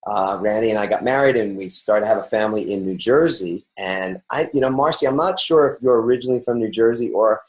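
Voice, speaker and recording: This middle-aged New Yorker hosts a podcast, chatting casually with a guest in an upbeat, rambling style full of restarts and fillers. His voice sits on the low side, and he talks briskly with hardly any pauses. The recording is rough.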